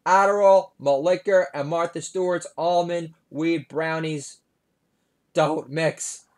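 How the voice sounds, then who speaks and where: A man putting on a loud, exaggerated impression of a laid-back former male president in a comedy bit. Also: a little high, fairly even intonation, takes it slowly, voice pushed up. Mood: mocking impression.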